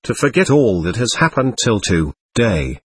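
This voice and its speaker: A husky-voiced man reading the lines of a proud, touchy nobleman who speaks pompously in an audiobook. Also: fairly low pitch, big pitch swings, measured pace, no echo, heavily acted. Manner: pompous, offended dignity.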